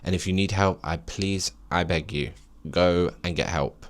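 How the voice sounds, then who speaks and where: Low-voiced man preaching on his podcast. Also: fairly even intonation, a little slow. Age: late 20s. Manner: rambling and preachy, with emphatic encouragement. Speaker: podcast host. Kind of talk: solo podcast monologue.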